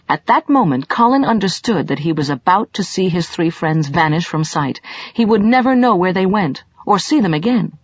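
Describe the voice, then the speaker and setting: A woman's voice: lowish voice, husky, no room sound. A woman narrating an audiobook in a scripted, dramatic reading with shifting emphasis, recorded in a dull lo-fi, dry way.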